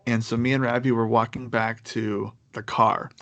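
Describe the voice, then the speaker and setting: A man's voice: medium pitch, level tone, moderate pace, a bit bright, no echo. A young man telling a story in casual chat, rambling with lots of fillers and restarts.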